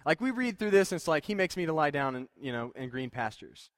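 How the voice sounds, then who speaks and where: A young male preacher with a slightly raised pitch delivers a casual, conversational sermon. He is plain-spoken and self-deprecating, stumbling into fillers and restarts. The sound is dry and close, with no room echo. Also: sing-song, fast.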